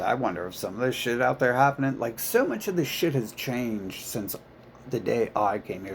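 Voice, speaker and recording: A man's voice: lowish voice, gravelly, a little hiss or hum. A man talking in a rambling, profane monologue full of filler words and restarts.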